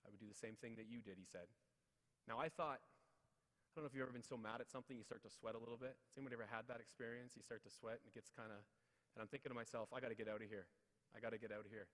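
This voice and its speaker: Fast-talking man giving a keynote in a big hall. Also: mid-range voice, steady tone, a bit bright. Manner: storytelling with repeated refrains and acted-out quotes. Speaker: keynote speaker. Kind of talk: motivational speech with personal stories. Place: large ceremonial hall at city hall. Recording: long hall reverb.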